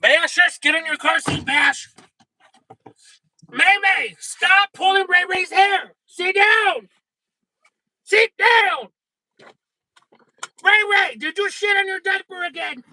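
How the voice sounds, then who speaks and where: A loud, crude scolding mama, played by a man. She barks threats at her unruly daughters with a high, bright, tense edge. Her words come slow and heavy, recorded dry and close. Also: dry recording, heavily acted, poor audio. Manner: bossy, yelling threats, crude. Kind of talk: comedic skit.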